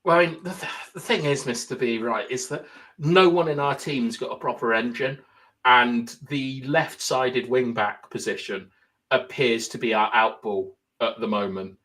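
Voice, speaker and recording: A man's voice: mid-range voice, normal speed, fairly bright tone. Guy on a football podcast, breaks down tactics, lots of ums and restarts. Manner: explains tactics at length, thinks aloud with fillers. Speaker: podcast co-host. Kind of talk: casual football chat.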